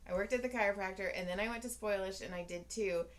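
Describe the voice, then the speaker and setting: A woman's voice: medium pitch, fast. A woman co-hosting a podcast in casual chat, telling stories and acting out each side of a conversation. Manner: animated storyteller acting out conversations. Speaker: podcast co-host.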